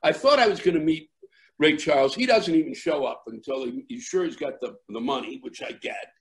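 A middle-aged man, a comedian, telling a rambling story in conversation with many fillers and restarts, acting out shouting crowds. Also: a little high, brisk. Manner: animated, acts out shouting crowds. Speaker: comedian guest.

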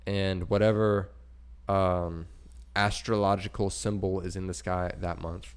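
Young male host, lowish voice, relaxed, runs the listener topics. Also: measured pace, clean tone. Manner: laid-back, explains topics loosely. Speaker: podcast host. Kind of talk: casual chat.

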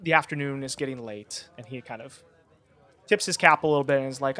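A man acting as game master who narrates an innkeeper's reactions in a casual, halting way in an improvised tabletop game. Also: mid-range voice, sharp tone.

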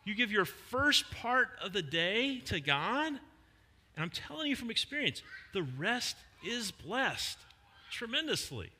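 Bright-voiced pastor preaching in a hall. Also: male voice, sits high, very animated. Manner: conversational preaching with emphatic pauses. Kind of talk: sermon. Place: church hall. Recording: long hall reverb.

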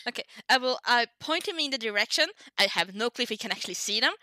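A woman playing in a tabletop game, giggly and excitable. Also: a little high, quick pace. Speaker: player. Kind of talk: casual tabletop play.

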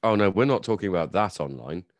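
Man, podcast co-host, low voice, lively, sweary casual banter. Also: fast, very noisy. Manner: sweary, jokey, animated.

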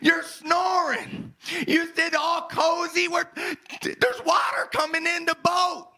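Man voicing frantic storm-tossed disciples, shouted high and loud. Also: little pitch movement, slow pace, exaggerated voice. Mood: panicked. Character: panicked group of male disciples in a storm.

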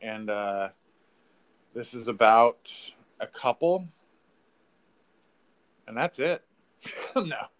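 A man co-hosting a podcast, chatting casually about a film, swearing freely and acting out lines in a high mocking voice. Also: lively intonation, extremely slow, pauses often, a bit bright. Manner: loose, profane, acts out lines in a high mocking voice. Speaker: podcast co-host. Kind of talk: casual movie review chat.

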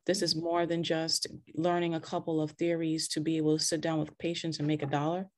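A woman hosting a casual faith talk, animated and preachy, with many restarts and scripture quotes, heard over a video call. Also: deep voice, fairly quick. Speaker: podcast host.

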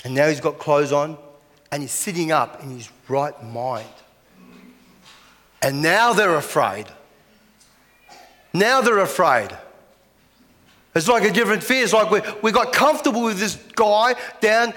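A man's voice: high-pitched, normal speed, a bit bright. A man preaching a sermon as pastor, chatty, with lots of rhetorical questions. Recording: echoey hall.

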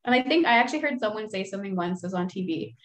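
A woman's voice: medium pitch, animated, rapid-fire. A young woman chatting casually and candidly, cursing often and poking fun at herself. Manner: candid, swears freely, self-deprecating. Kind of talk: casual chat.

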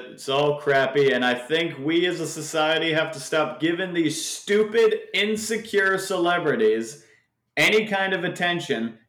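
A man's voice: a little high, a bit bright. A man co-hosting a football podcast, ranting and joking in casual banter. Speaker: podcast co-host. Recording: echoey room.

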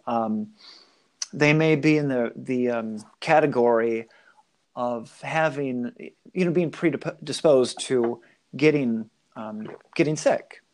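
A man who is a pastor, talking in a halting way with many fillers in a discussion. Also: mid-range voice, gravelly, a little mellow. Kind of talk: casual discussion.

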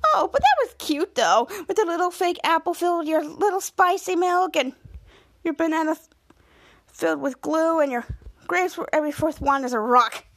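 Casting: gloating teenage prankster girl, played by a woman, high and teasing. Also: moderate pace, fairly bright tone.

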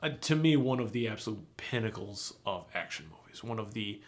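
Young male co-host, slightly low voice, eager rambling talk, casual swearing. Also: expressive, fairly quick. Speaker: podcast co-host. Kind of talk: casual chat.

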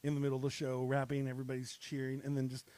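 A man's voice: mid-range voice, completely flat delivery, very fast, a crowd in the background. A man hosting a podcast, freestyle rapping in a loose, rambling way and joking around with his guests. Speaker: podcast host. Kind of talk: freestyle rap then casual chat.

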